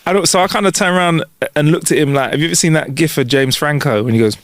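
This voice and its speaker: A man's voice: on the high side, fast, no echo, clean studio sound. A man hosting a podcast, telling stories in a loose, jokey way with frequent laughs. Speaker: podcast host. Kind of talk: casual chat.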